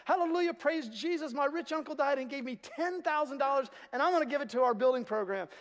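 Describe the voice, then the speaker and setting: A man voicing an overexcited churchgoing woman who gushes praise in loud, high exclamations. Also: lively intonation, quick pace, big-room sound. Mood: gushing. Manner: shrill, effusive exclamations.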